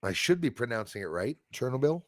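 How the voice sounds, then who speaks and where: Gravelly man chatting on a livestream. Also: mid-range voice, animated, normal speed, dry recording, clean studio sound. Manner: chatty, answers viewers by name, stumbles over words. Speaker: livestream host reading chat. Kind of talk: casual livestream chat.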